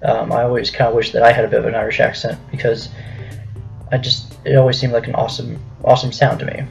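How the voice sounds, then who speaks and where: Young American male vlogger, halting delivery, gravelly edge, dull lo-fi recording. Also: mid-range voice, monotone. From United States. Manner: hesitant, many ums and restarts. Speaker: YouTuber host. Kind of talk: casual vlog commentary. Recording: dull lo-fi with faint music.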